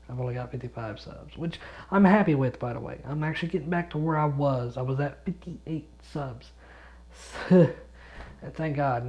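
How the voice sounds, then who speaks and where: Slow, rambling young man on a dull lo-fi recording. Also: fairly high pitch, mellow. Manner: rambling, swears a lot, chuckles often, loses his thread. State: sleepy, yawning. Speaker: podcast host and gaming YouTuber. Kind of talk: rambling late-night solo podcast.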